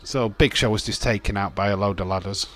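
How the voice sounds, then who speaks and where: A man's voice: on the low side, fairly quick, fairly bright tone, soft background music. A man hosts a casual wrestling watch-along stream, joking with his chat, reading viewer comments aloud and laughing often. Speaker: livestream host.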